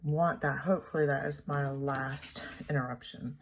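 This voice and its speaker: A woman's voice: a bass voice, steady tone, moderate pace, hardly any pauses. A middle-aged woman, rambling through a personal story and laughing often as she decorates her planner. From Texas. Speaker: planner vlogger.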